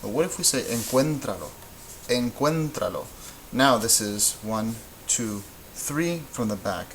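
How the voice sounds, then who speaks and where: A man with a fairly low voice gives a patient whiteboard lesson. He explains each step slowly and stops now and then to correct himself. A faint hum of noise sits under his voice. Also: lively intonation, fairly bright tone, low-quality recording. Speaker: Spanish teacher.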